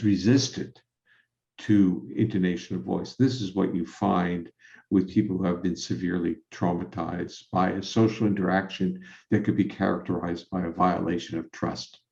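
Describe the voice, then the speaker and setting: An older man being interviewed as a guest scientist, explaining in a measured way and laughing often. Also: sits low, flat delivery, vocal fry, darkish tone. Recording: roomy, dull lo-fi audio.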